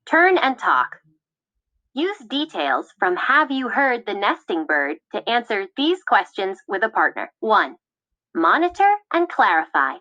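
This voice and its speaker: Female lesson narrator, bright and expressive, teacherly, slightly dull lo-fi audio. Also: medium pitch, no room sound. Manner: clear, teacherly, measured. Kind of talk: scripted classroom instructions.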